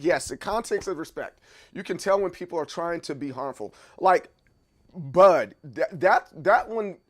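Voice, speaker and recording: A man in his thirties talks casually on a livestream, responding to viewer comments. Sitting on the high side, his voice frequently stalls on repeated words as he thinks aloud.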